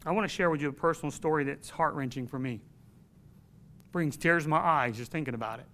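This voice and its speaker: A man's voice: on the high side, fast talker, bright, forceful tone. A man preaching a sermon to his congregation in an earnest, emphatic way, telling a personal story.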